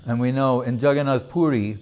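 A man telling a devotional story as a sermon, in an unhurried, deliberate manner. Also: medium pitch, a little mellow. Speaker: religious storyteller.

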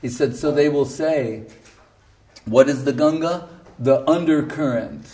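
A man's voice: medium pitch, measured pace, mellow. A man lectures earnestly as a spiritual teacher, stressing his points and now and then chanting verses. His voice sits in a middle register. He sounds a little distant from the microphone. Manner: earnest, emphatic, quotes his guru in Bengali and Sanskrit. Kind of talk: devotional lecture.

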